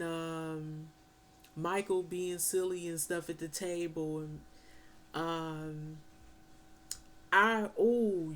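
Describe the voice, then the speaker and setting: Animated slangy woman reviewer. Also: on the low side. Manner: animated, slangy, swears and laughs. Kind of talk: casual film review chat.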